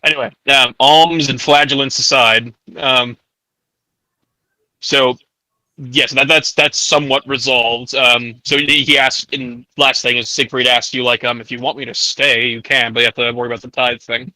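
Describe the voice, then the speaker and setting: A man's voice: mid-range voice, little pitch movement, moderate pace, bright, forceful tone, no echo, low-quality recording. A man acting as game master in a casual tabletop game, rambling with many fillers.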